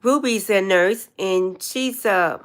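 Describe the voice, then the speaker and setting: A woman's voice: medium pitch, takes it slowly. Older woman rambling on a livestream. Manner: rambling, meandering storyteller. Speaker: livestream host. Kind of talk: casual livestream chat.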